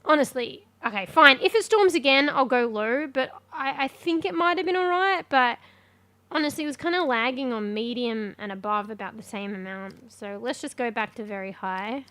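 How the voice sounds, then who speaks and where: A woman's voice: on the high side, moderate pace, sharp tone. A young Australian woman chatting casually with her stream chat while gaming, swearing freely and offhand.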